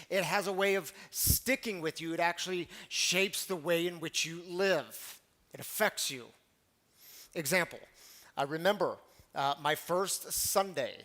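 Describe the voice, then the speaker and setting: A male pastor from Missouri with a high, fairly bright voice preaches a conversational, story-driven sermon to his congregation, making asides to his listeners.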